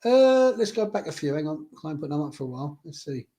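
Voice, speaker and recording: A man's voice: a little high, sing-song, fast, warm tone, slight background noise. A man co-hosting a casual football fan call-in show, teasing and full of banter. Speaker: co-host.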